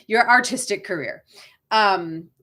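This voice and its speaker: Her medium-pitched voice is expressive, slow and sharp in tone as this middle-aged Boston woman, an acting career coach, leads a casual live chat for actors. She's chatty, reads out viewer comments, and often ends points with a questioning "right?".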